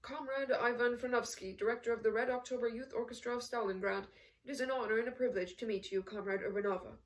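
A woman's voice: fairly high pitch, fairly even intonation, quick pace, recorded from a distance, close to an everyday voice. A woman reading as a fussy little male Soviet official. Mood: formal. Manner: formal, eager to please. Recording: voice set back from the mic.

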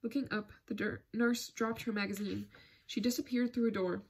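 A woman narrating an audiobook in a measured, steady way. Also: mid-range voice, husky. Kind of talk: scripted narration.

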